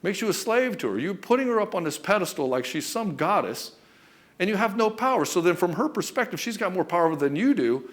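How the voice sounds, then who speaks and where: A man's voice: sits high, big pitch swings, brisk. Blunt, emphatic man coaching with swearing. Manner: blunt and emphatic, swearing often, addresses listener as brother and dude. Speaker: relationship coach. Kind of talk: direct-to-camera coaching monologue.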